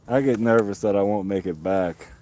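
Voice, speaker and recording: A man chatting casually on a fishing livestream from a small boat, relaxed and rambling with frequent chuckles. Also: fairly low pitch, moderate pace. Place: small boat on a lake outdoors. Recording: wind noise on the mic. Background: wind and water.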